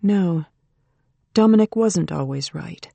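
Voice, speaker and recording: An audiobook narrator reading a suspense novel in a steady, measured way. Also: mid-range voice, vocal fry, no echo. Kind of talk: scripted narration.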